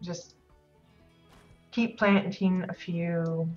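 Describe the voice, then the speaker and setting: Very slow and fairly low in pitch, the woman's voice has little pitch movement and sounds a little worn as she loses it. Decorating in a game on her live stream, she chats casually, rambling with hesitations and plenty of fillers. The audio is dull lo-fi stream sound with music.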